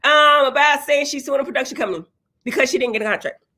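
Brief: high-pitched woman, blunt and profane, livestream host. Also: fast. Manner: blunt, profane, preachy and animated. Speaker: livestream host answering viewer comments. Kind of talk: casual livestream chat.

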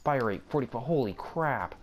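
A man's voice: mid-range voice, animated, moderate pace, slight background noise. A young man giving casual commentary over his own gameplay, rambling to himself and easily amazed. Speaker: gaming video creator.

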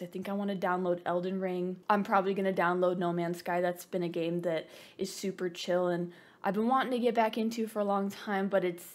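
A young woman vlogging an excited unboxing, bubbly and gushing, rambling with self-mocking asides and over-caffeinated giddiness. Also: fairly low pitch. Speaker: gaming vlogger.

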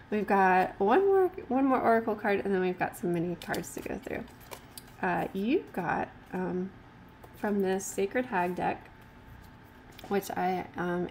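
A woman giving a casual tarot card reading, mixing gentle talk full of fillers and restarts with passages read from the cards. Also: on the low side, unhurried, slight background noise.

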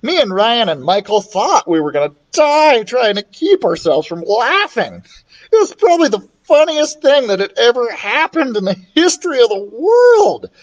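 A man reading a children's chapter book aloud, with an expressive, animated storytelling manner. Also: very high-pitched, normal speed, highs cut off. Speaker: children's librarian reader.

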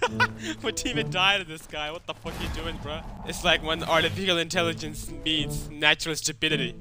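A man's voice: a little high, moderate pace. A young man giving casual gameplay commentary, trash-talking and swearing at opponents. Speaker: gaming YouTuber. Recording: game music underneath.

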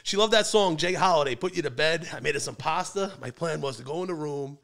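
A man's voice: on the high side, quick pace, vocal fry, fairly bright tone. A man telling a wild personal story on a podcast, brash and profane, laughing through it. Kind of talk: casual storytelling.

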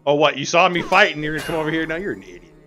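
A man's voice: fairly high pitch, very fast, pushed and bright, faint music behind. A young adult man streaming a game live, rambling and joking with his chat as he plays. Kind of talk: casual live-stream gameplay commentary.

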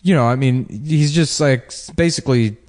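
A man's voice: mid-range voice, moderate pace, darkish tone. A man co-hosting a comedy podcast, trading crude jokes in casual chat and slipping into silly voices. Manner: crude, jokey, slips into silly character voices. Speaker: podcast co-host.

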